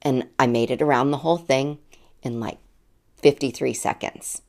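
A woman in her late forties with a low, gravelly voice hosts her own podcast. She tells a personal story in a chatty, self-deprecating way, laughing often. Her pitch stays low, with a rough edge. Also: normal speed, darkish tone. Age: 40s. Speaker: podcast host.

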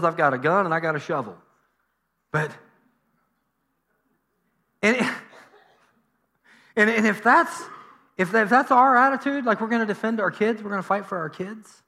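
A middle-aged man delivers a sermon in a casual, talky style. His voice is bright and sits slightly high for a man. He leans on "like" and restarts his sentences often. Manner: conversational, with frequent "like" and restarts. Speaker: pastor.

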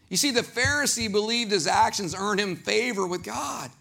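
A man with a Southern accent, preaching a sermon as pastor, animated and acting out quoted voices. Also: sits high, moderate pace, creaky.

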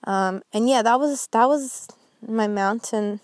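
A woman's voice: fairly high pitch, unhurried, a little mellow, no echo. Earnest woman sharing a faith reflection. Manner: earnest, rambling, filler-heavy. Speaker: Christian vlogger.

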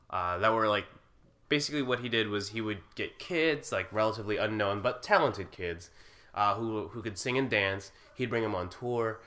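Bright-voiced young man rambling casually. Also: on the low side. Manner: rambling, with frequent fillers and laughter. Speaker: podcast co-host. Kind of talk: casual chat.

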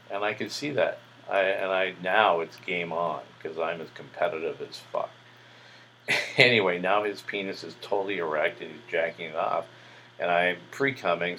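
A very low-pitched man hosting a podcast, spinning a casual, boastful story with plenty of cursing. There is a faint hum of background noise behind him. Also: fairly even intonation, unhurried, a bit bright, poor audio. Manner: boastful, crude, heavy swearing. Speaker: podcast host.

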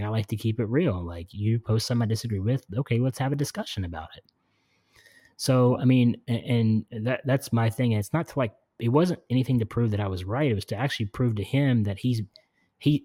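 A man in his twenties with a lowish, slightly breathy voice hosts a podcast, recorded dry. In casual chat he tells a story with animation, acting out what he and others said and using lots of fillers.

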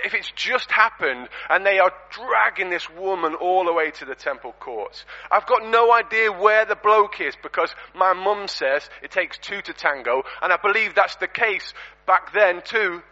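A man preaching a storytelling sermon in a church, animated and conversational, full of rhetorical questions. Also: sits high. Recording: dull lo-fi recording.

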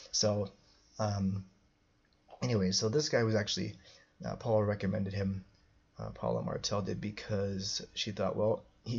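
Gravelly, husky man. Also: fairly low pitch, moderate pace, lo-fi sound. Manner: rambling, full of restarts and fillers. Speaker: podcast host. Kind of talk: personal storytelling monologue.

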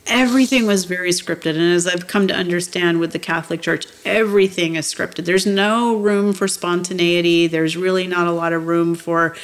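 A woman speaks in a low register with a gravelly edge. She tells her story earnestly and is close to tears, filling pauses with casual asides. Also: fairly even intonation. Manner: earnest, frequent "you know" and "like" fillers. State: moved, near tears. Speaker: activist guest. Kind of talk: heartfelt storytelling in conversation.

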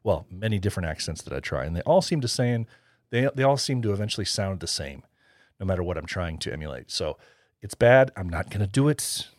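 A man's voice: low voice, sing-song, a little fast, no echo, clean studio sound. A man hosting a podcast, chatting casually and rambling, with frequent laughs. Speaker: podcast host.

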